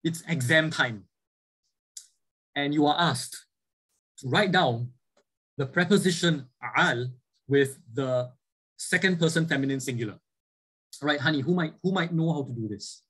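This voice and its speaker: A man's voice: fairly high pitch, measured pace, pauses often, a bit bright, slightly rough, low-quality recording. A man lecturing a class, explaining points and often checking in with "right?" as he goes. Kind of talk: classroom lecture with student questions.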